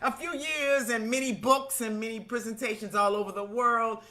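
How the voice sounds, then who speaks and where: Bright, high-voiced, exuberant woman host. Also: fairly even intonation, normal speed. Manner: exuberant, whooping, greeting viewers by name. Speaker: guest host of a livestream singing program. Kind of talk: lively livestream welcome.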